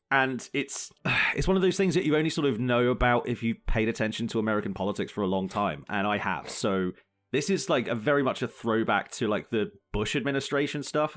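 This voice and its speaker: A man's voice: lowish voice, a bit bright. A young man co-hosting a casual podcast chat, ranting with plenty of swearing and frequent laughter. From Britain. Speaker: podcast co-host.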